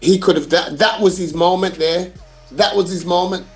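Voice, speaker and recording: A man's voice: high-pitched, fairly even intonation, moderate pace, a little mellow, soft background music. A man co-hosting a casual football chat, using a lot of slang and repeating his points emphatically. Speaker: podcast co-host.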